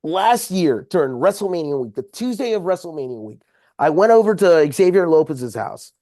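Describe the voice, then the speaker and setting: A male podcast guest with a highish, mellow voice swings widely in pitch at a normal speed, close-miked on a podcast microphone with a dry sound. In casual storytelling, he angrily recounts a confrontation, swearing heavily.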